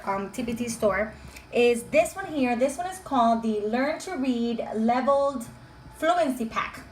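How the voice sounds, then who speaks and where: A woman's voice: high voice, a little hiss or hum. A woman, a homeschooling mom and channel host, chatting enthusiastically through a show-and-tell vlog at home. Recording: echoey room with faint ambience.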